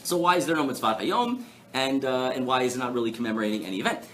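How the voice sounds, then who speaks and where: A man giving a live Torah class, animated and playful, asking the audience rhetorical questions. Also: mid-range voice, fast, slight background noise. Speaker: rabbi teaching a class. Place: synagogue hall before an audience.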